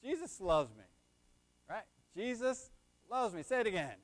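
Young male lay preacher, high pitch, animated delivery, calls out to the congregation. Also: moderate pace. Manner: repeats "right?" to the congregation; call and response with the audience. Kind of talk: sermon.

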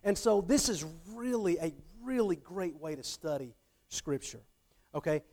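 A man's voice: fairly high pitch, lively intonation, a little slow, darkish tone. A middle-aged man giving a conversational Bible teaching talk. He checks in with his listeners often and repeats words as he restarts phrases.

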